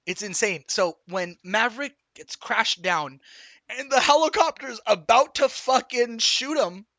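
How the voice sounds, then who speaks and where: Male streamer, high bright voice, excitable rambling recap, sweary, dry close sound. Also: no echo. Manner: animated, swears a lot, rambling with restarts. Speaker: streamer reviewing a film. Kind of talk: excited casual movie recap.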